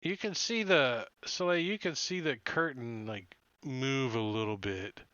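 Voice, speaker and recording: A man narrating a tabletop game as dungeon master, his voice bright and forward. He takes his time and rambles loosely, filling gaps with "uh" and "like". The sound is dull and dry, like an online voice chat. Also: medium pitch, unhurried, dry recording.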